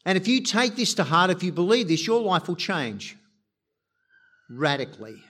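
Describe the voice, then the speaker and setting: A man preaches a sermon in a voice that sits a little higher than usual for a man. He appeals directly and earnestly to the people listening. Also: sing-song, moderate pace, fairly bright tone.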